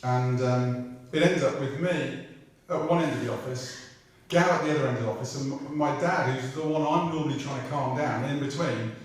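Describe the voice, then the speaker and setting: A middle-aged British man spins comic anecdotes in a chatty, irreverent way, swearing freely. His voice sits at a mid pitch and sounds far from the microphone. A strong roomy echo from a large hall surrounds every word. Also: normal speed. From Britain. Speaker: racing driver guest. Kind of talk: comic anecdote telling at a live evening. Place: large room at a live talk event.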